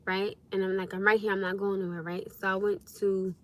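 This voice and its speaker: A young woman hosting a casual livestream, telling stories to her viewers in a lively, expressive way with frequent laughs. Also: mid-range voice, brisk. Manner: animated storytelling, laughs often, acts out her own past speech. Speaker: livestream host.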